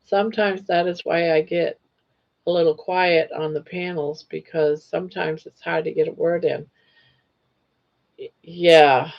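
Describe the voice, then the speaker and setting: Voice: medium pitch, fairly even intonation, measured pace, gravelly, muffled recording. A panelist on a live chat stream talking casually and hesitantly, often restarting words.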